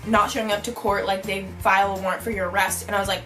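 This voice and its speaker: A young woman telling a storytime vlog, bubbly and animated, saying "like" constantly. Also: mid-range voice, quick pace, soft background music, rough recording. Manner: bubbly, animated, heavy use of "like". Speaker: vlogger.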